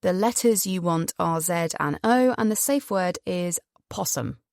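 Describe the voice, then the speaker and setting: A smug, joking young man, as a woman narrator puts him on, dropping her voice into a wry, offhand drawl. The delivery stays lively in pitch and dry in sound. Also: unhurried, no echo. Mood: cocky teasing.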